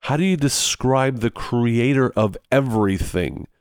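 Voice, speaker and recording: A man's voice: mid-range voice, lively intonation, a little slow, smooth, no room sound, studio quality. A man preaching a sermon in an earnest, pleading way, repeating phrases for emphasis.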